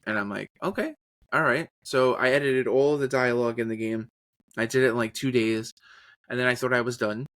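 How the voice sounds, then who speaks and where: A podcast guest who works as a voice actor and journalist chats loosely about his work in a middle-pitched voice, recorded dry and close with no room sound. He's full of energy and animated, quick to slip into trailer and character voices while telling stories in a casual interview.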